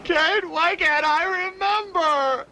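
A bewildered young man lost in a fantasy, his voice high and unhurried. He speaks in halting, dazed phrases, as in a film drama. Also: sharp tone, slight background noise, exaggerated voice. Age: young adult. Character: troubled young male student lost in a fantasy role. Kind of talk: film acting.

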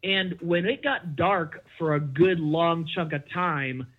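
A man's voice: takes it slowly, narrow, tinny audio. A middle-aged man, a podcast guest, telling a candid personal story and acting out the back-and-forth of quoted conversations. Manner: animated, acts out quoted exchanges with big pitch jumps.

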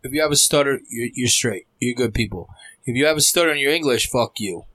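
A man's voice: medium pitch, quick pace, fairly bright tone, rough recording. A man co-hosting a podcast, brash and swearing constantly, ranting with mock outrage. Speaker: podcast co-host. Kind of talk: casual podcast banter.

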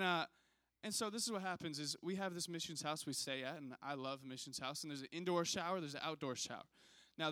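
A male pastor telling a funny story in a sermon, animated and self-mocking, often checking in with the audience. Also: fairly high pitch, no room sound.

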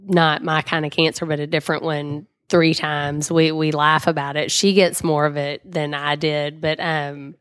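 Low-voiced chatty woman. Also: moderate pace, hardly any pauses, clean tone. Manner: chatty, animated retelling with many fillers. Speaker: interview guest. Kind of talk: candid conversational storytelling.

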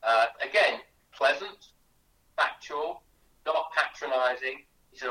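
A man's voice: medium pitch, expressive, slow, sharp tone, roomy sound, distant mic, poor audio. A man, a guest author on a radio interview, telling chatty anecdotes with many restarts. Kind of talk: animated storytelling in a radio interview.

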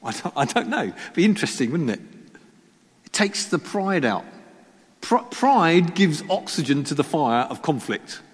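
A man's voice: a little high, very animated, normal speed, slightly rough. A man preaching a sermon in church, joking at his own expense and asking the congregation rhetorical questions. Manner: self-deprecating humor, rhetorical questions. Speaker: pastor. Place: church hall. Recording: reverberant church hall.

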